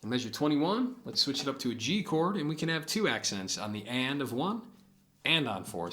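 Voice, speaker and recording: A man's voice: mid-range voice, big pitch swings, fairly quick. A man giving a casual guitar lesson, explaining patterns and counting beats aloud as he plays. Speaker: guitar teacher. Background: acoustic guitar playing.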